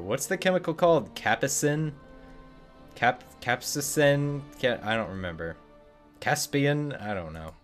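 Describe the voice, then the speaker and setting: A man's voice: lowish voice, a bit bright. A man streaming a video game live, chatting in a rambling, playful, self-mocking way. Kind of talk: live-streamed gameplay chat.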